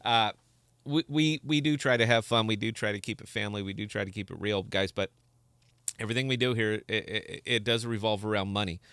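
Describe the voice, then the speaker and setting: A man's voice: fairly low pitch, brisk, a bit bright, smooth, no room sound. A man in his forties hosting a casual livestream podcast, rambling and joking about himself as he chats. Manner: rambling, joking and self-mocking. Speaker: podcast host.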